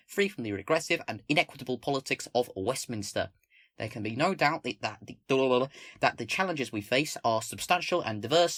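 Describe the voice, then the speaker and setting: A man's voice: mid-range voice, a bit bright, no room sound. A man from England giving casual political commentary, rambling with many fillers and restarts, then reading a document aloud. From England, not the North. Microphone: own microphone, close.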